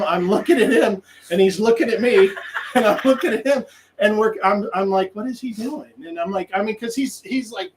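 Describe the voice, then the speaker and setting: On a low-quality recording with a little hiss or hum, a man with a voice that sits high guests on a podcast. He rambles through a casual story, restarting often, quoting his own self-talk and laughing animatedly as he acts it out.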